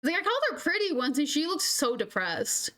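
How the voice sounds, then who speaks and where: A woman's voice: high-pitched, fairly quick. A young adult woman streaming a game, telling rambling stories in casual chat with lots of "like". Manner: rambling, animated storytelling full of "like". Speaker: gaming streamer. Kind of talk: casual chat while gaming.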